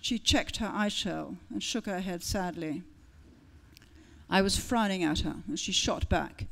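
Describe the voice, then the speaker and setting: A woman author reading her own first-person fiction aloud at a literary event, with lively, expressive storytelling that shifts tone for different characters. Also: fairly low pitch, unhurried, creaky.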